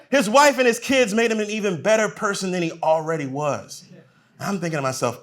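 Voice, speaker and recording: At a live comedy venue, a man in his forties with a fairly high pitch performs stand-up at a moderate pace. He acts out the characters in his stories with animated storytelling.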